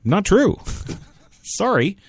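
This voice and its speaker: A man's voice: high-pitched, big pitch swings, very slow, slightly rough. A man hosting a talk radio show, arguing bluntly and sarcastically with imagined listeners. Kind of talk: opinionated solo talk radio monologue.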